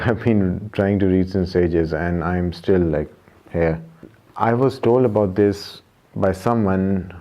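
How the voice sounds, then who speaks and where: A young man from Pakistan chatting casually about his books in a vlog, rambling with many fillers and self-corrections. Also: dark tone. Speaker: vlogger. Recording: muffled low-fidelity audio.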